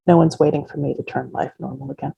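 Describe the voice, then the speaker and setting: Woman reading as quiet young veteran drifter, soft and polite, husky and gravelly, dark tone. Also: sits low, fairly even intonation, fast talker, dry recording, highs cut off, full character voice. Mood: plain.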